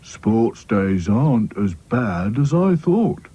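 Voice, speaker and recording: A man's voice: lowish voice, sing-song, takes it slowly, mellow, slightly rough, highs cut off, full character voice. A man voicing a glum male rag doll in a children's cartoon who grumbles mournfully.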